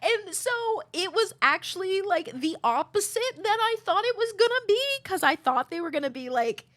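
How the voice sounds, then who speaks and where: A young woman streamer chatting casually, telling an animated story, quoting others and laughing often. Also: very high voice, moderate pace.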